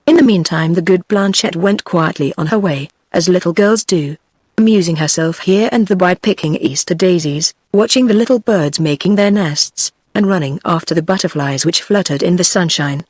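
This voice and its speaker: A computer-generated woman's voice with a British English accent, narrating a fairy tale audiobook in an even, mechanical delivery. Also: on the low side, normal speed, dry recording.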